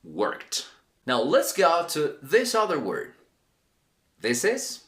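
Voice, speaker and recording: A man's voice: on the high side, very animated, takes it slowly, a bit bright. A man teaching an English pronunciation lesson, enthusiastic and emphatic, repeating words for learners. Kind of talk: language lesson.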